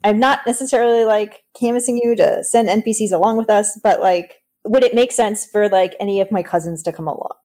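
Woman player, warm mellow voice, casual questions. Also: mid-range voice, a little fast, few pauses. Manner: casual, questioning, many likes. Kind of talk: playing a tabletop game.

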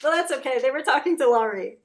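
A woman's voice: high voice, lively intonation, quick pace. A woman narrating as game master, chatty and joking. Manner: chatty, jokey, lots of fillers.

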